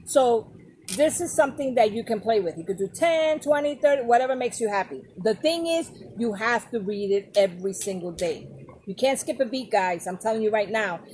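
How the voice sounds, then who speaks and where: Emphatic woman giving advice, slightly high voice. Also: expressive, normal speed, darkish tone, a little hiss or hum. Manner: emphatic, talks straight to viewers, repeats points. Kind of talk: casual advice talk to camera.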